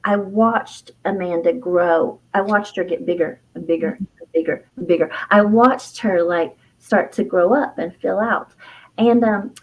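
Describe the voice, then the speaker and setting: A middle-aged woman, an herbalist and author, telling a personal story in an interview, reflective and heartfelt, with fillers and soft laughs. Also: mid-range voice, steady tone, measured pace, lo-fi sound.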